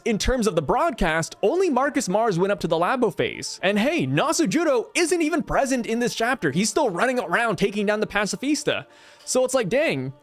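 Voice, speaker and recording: Excitable young man with a lively high voice. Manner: excitable, chatty, frequent stammered restarts. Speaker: YouTube host reviewing a manga chapter. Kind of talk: casual video commentary.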